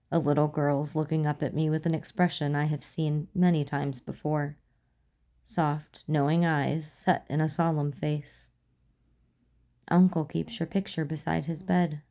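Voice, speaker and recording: A woman reading a fan fiction story aloud, calm and unhurried, voicing the dialogue lightly. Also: deep voice. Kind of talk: audiobook narration.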